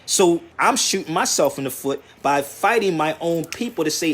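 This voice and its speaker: Brief: man, high and very lively voice, insistent street debater, faint noise behind. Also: brisk, hardly any pauses, slightly rough. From Philadelphia, USA. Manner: animated, insistent, repeats "listen" and "bro". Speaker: traveling commentator and radio host.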